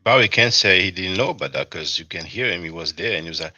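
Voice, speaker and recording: Deep gravelly dude doing commentary and reading chat comments, dry dull mic. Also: male voice, animated, quick pace, sharp tone, no room sound. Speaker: commentary channel host.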